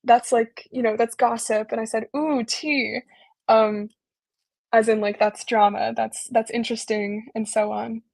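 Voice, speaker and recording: A young woman giving a casual online talk, explaining slowly with lots of ums and likes. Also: a little high, gravelly, dry recording. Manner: relaxed, filler-heavy explaining with frequent ums and likes. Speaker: embassy intern presenting a virtual talk. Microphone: video call.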